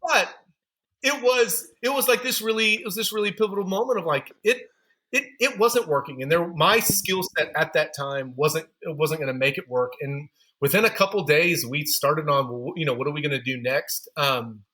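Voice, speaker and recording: A man's voice: a little high, moderate pace, sharp tone. A man guest on a podcast interview, telling candid, self-deprecating stories about building his running store business.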